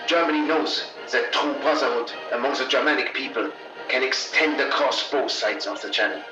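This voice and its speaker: A man's voice: medium pitch, moderate pace, lightly acted. A man playing a stern propaganda radio announcer, declaiming over music in a distant, echoey broadcast. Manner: grandiose, declaiming. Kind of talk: 1940s radio acting.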